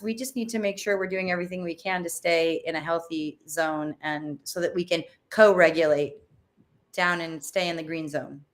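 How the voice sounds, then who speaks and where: Animated middle-aged woman storyteller. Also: fairly low pitch. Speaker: parenting guest. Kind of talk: casual interview.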